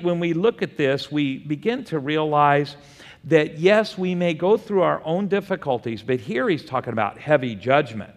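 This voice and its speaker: A man preaching a Bible study sermon, asking the room questions and answering them himself. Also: on the high side. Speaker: pastor teaching a Bible study. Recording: long hall reverb.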